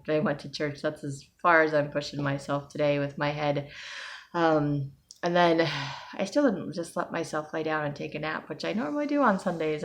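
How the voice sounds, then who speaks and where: Weary low-voiced woman with a migraine. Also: gravelly. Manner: weary, rambling, with sighs and soft laughs. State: tired with a migraine. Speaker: vlogger. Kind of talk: casual personal vlog.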